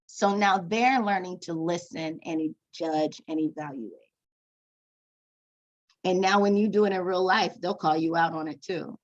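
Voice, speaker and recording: A woman teacher giving a professional development talk to other teachers, conversational and often restarting and correcting herself mid-phrase. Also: medium pitch. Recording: dull lo-fi sound.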